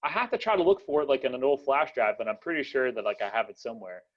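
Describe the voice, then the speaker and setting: A man's voice: mid-range voice, quick pace. Young man, podcast host, casual chat, rambling, lots of fillers, dull lo-fi sound. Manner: rambling, many fillers and restarts, laughs often.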